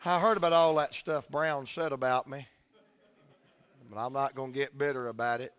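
A man's voice: medium pitch, fairly even intonation, moderate pace, a bit bright, clean tone. Man, middle-aged, visiting preacher, folksy, joking, storytelling. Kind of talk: humorous sermon opening.

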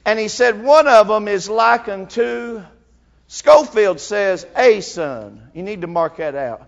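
A man's voice: sits high, a little slow, creaky, lo-fi sound. A man in his fifties preaching a sermon fervently, with frequent filler sounds between phrases.

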